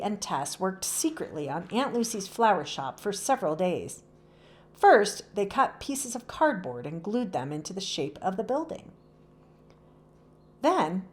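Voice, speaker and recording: Expressive woman reading a children's book. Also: medium pitch. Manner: warm, expressive storytelling. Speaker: read-aloud host. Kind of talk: children's book read-aloud.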